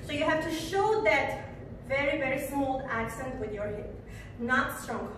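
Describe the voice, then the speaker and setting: Female dance teacher, unhurried, high voice, counts steps aloud; distant camera mic in an echoey room with faint noise. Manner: counts beats aloud and sings rhythm syllables. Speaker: belly dance instructor.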